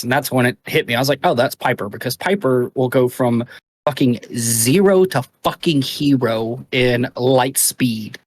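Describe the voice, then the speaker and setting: Man co-host, mid-pitched, loose profane storyteller, dry close mic. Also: moderate pace, no echo. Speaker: podcast co-host. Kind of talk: casual chat.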